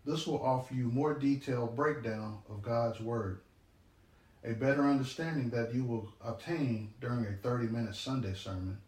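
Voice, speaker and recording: A man plays a pious husband who ministers to people in need, in an audio drama. His delivery is measured and formal, like a preacher's. He sounds set back from the mic in a roomy space. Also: medium pitch, darkish tone, distant mic, natural voice. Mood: earnest.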